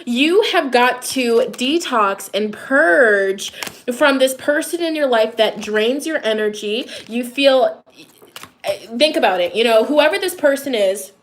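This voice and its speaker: High-voiced woman giving a tarot reading. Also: expressive, unhurried, slight background noise. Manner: direct, repetitive, addresses listeners as a sign; chatty asides, laughs at herself. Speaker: tarot reader. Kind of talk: casual tarot reading to camera.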